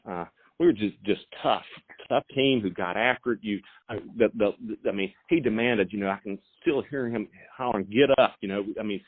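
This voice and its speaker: A middle-aged man, a high school football coach, talking in a halting way with many repeated words and fillers. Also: husky, no room sound. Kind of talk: phone interview. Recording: phone line.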